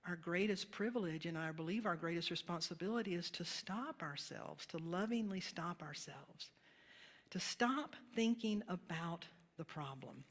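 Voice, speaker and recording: A woman's voice: on the low side, a little slow. A woman pastor giving a sermon in a conversational, storytelling manner, laughing now and then with her congregation. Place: church sanctuary. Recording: reverberant sanctuary hall.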